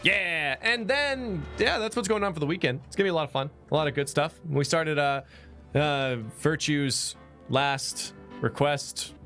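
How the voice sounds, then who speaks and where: A man's voice: a little high, normal speed, sharp tone, soft background music. A male streamer hosting a casual chat, joking with laughing asides. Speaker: streamer host.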